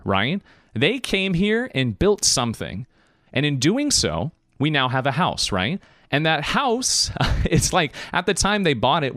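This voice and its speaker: Passionate podcast host, lively pitch. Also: male voice, dry recording, clean studio sound. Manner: passionate, animated, rambling. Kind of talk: motivational podcast monologue.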